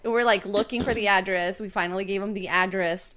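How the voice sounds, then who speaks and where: Woman podcast co-host, casual storyteller, animated, acts out quotes. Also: medium pitch, quick pace.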